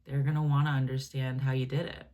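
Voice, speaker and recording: A woman giving a channeled spiritual reading, speaking gently and affectionately in a meandering way with many fillers and restarts. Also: a bass voice, flat delivery, fast talker. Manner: gentle, affectionate, addresses listener as my love and baby; meandering, filler-heavy, self-correcting. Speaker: channeled message reader.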